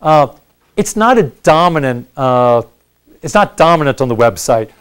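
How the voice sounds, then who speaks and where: A man's voice: medium pitch, expressive, moderate pace, smooth. A middle-aged man answering audience questions after a university lecture, explaining in a conversational way with frequent fillers and restarts.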